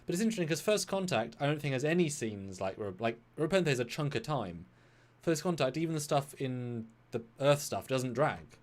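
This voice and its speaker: Speaking fairly quickly in a medium-pitched voice, a man co-hosts a casual live film discussion. He's animated, arguing his point and cracking jokes along the way.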